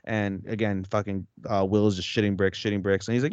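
A man's voice: lowish voice, level tone, fast talker, hardly any pauses, a little mellow, smooth, dry recording, highs cut off. A man co-hosting a podcast, recapping a story in a rambling, slangy way with heavy swearing. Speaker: podcast co-host. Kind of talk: casual recap chat.

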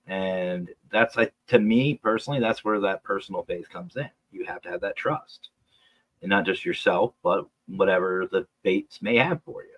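A man's voice: deep voice, moderate pace, fairly bright tone, slightly rough, muffled recording. A man co-hosting a podcast, chatting casually and reflectively, asking rhetorical questions. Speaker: podcast co-host.

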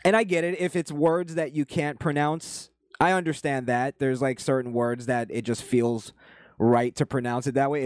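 A man casually commenting as he reacts to a video, with a rambling, halting, profane way of talking. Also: mid-range voice, no room sound, studio quality.

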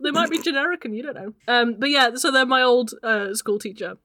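A woman's voice: high voice, animated, fairly quick, pushed and bright, no echo. A woman playing a tabletop game, chatting in a rambling, filler-heavy way. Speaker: player. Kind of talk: casual chat at a game table.

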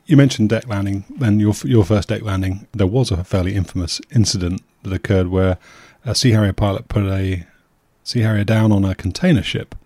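Deep gravelly host, dry close sound. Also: male voice, a little fast, mellow, no room sound. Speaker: interviewer and channel host. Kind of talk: casual channel appeal and interview questions.

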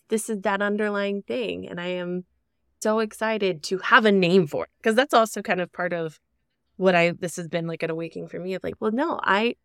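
Excitable lady cohost chatting, gravelly fry, dry close mic. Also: mid-range voice, no room sound. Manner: excitable, animated. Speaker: podcast co-host. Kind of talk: casual chat.

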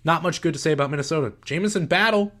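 A man's voice: fairly high pitch, racing, a bit bright. Guy hosting a sports podcast, blunt and sarcastic, keeps restarting his sentences. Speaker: podcast host. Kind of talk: casual sports commentary.

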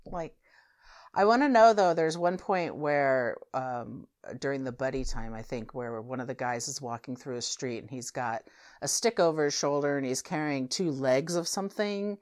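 A woman's voice: extremely low pitch, normal speed, a little mellow. A woman in casual conversation about a film, rambling with asides as she tells what she noticed. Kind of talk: casual movie discussion.

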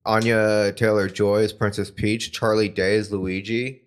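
A man's voice: on the low side, little pitch movement, a little slow, clear, resonant tone. Laid-back podcast co-host man. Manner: laid-back, short agreeing replies. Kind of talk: casual chat.

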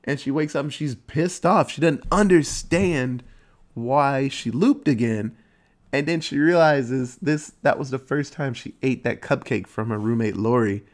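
A man's voice: medium pitch, measured pace. A man retelling a story in casual chat, loose and rambling, with lots of "like" and easy swearing.

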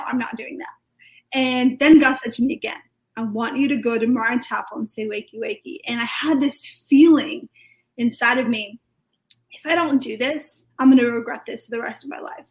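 Chatty British woman, higher voice. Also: rough recording. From United Kingdom. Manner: chatty, lively storytelling full of fillers. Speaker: podcast guest. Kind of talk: telling a personal testimony.

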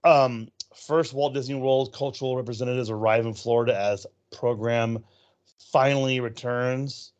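A California man co-hosts a podcast, chatting casually about theme park news and rambling through stories with plenty of ums. His mid-range voice is fairly even in intonation, moderately paced, and darkish, on dull audio.

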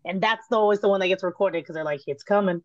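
A woman, a guest telling casual stories in an interview, animated and laughing, swearing and acting out quotes. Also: mid-range voice, rapid-fire, highs cut off, crowd noise. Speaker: guest, former cooking show contestant.

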